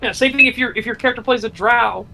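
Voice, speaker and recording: High bright-voiced male streamer, excitable. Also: fast, gravelly, slight background noise, low-quality recording. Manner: excitable, swears freely. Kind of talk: casual gaming chat.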